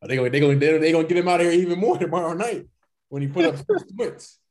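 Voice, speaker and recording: A man's voice: a little high, very fast, a little mellow. A man co-hosting a casual sports podcast, teasing his friends and laughing often. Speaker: podcast co-host. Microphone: podcast mic.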